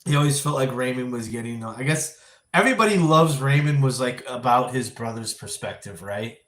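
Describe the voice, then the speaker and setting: A man's voice: medium pitch, lively intonation, normal speed, fairly bright tone. Rambling man chatting on a livestream. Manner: rambling, thinking aloud with frequent restarts. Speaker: livestream vlog host. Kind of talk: casual live-stream chat.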